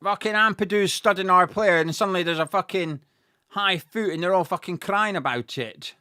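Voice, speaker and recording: Excitable, foul-mouthed male fan commentator; bright, close, dry delivery. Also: sits high, moderate pace, smooth, dry recording. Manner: sweary and excitable, shouting at goals. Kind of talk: live fan watch-along commentary.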